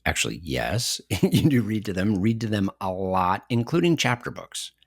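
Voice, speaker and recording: A middle-aged man with a low voice, co-hosting a podcast and telling anecdotes with animated energy, often breaking into laughter. The sound is dry and close, with no room around it. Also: moderate pace, creaky, slightly rough, no echo. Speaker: podcast co-host. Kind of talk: conversational podcast discussion.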